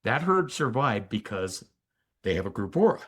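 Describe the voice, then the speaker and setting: An older man, a physician and energy healer, telling a story as a podcast guest in an animated, emphatic way with asides to the listener. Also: lowish voice, moderate pace, slightly rough. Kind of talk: conversational storytelling in an interview.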